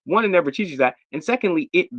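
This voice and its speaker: Casting: male co-host with a high voice and emphatic delivery, dry, muffled sound. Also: fast, dry recording. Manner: animated, emphatic, builds arguments. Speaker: podcast co-host. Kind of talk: casual coaching chat.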